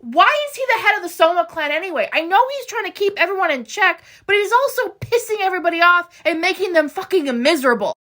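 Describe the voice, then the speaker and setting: A young woman reacting to an anime, gushing and swinging between outrage and tearful excitement, with some swearing. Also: very high-pitched, fast talker, hardly any pauses. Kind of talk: emotional reaction vlog.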